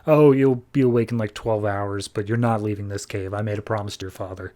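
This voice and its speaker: A man voicing an older male butler who is gentle and sorrowful, talking softly in a casual paraphrase. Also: fairly low pitch, steady tone, brisk, lightly acted. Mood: tender.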